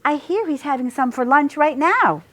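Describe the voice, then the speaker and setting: A woman's voice: sits high, animated, normal speed, a bit bright, voice pushed up. A woman voicing a sly, grinning spider with a coy delivery in a storybook reading.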